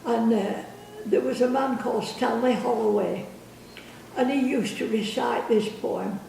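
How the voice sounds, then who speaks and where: An older woman telling family stories in a halting, chuckling way, losing her thread now and then. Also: on the high side, creaky, warm tone, slight background noise. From England. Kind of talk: casual storytelling. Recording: echoey room from a distance.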